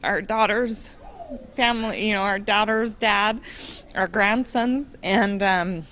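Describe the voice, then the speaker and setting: A woman in her forties, an interview guest, sharing an emotional personal testimony with earnest warmth and occasional laughter. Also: mid-range voice, takes it slowly, slight background noise.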